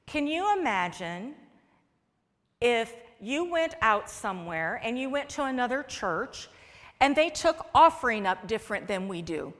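A woman's voice: on the high side, lively intonation, normal speed, a bit bright. A woman pastor preaching a sermon in a conversational way, acting out quoted lines as she goes. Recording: long echo of a large hall.

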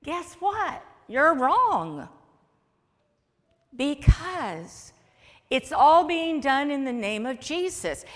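A woman's voice: high voice, sing-song, very slow, pauses often. A woman pastor preaching a sermon in a conversational way, acting out quoted lines as she goes. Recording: long echo of a large hall.

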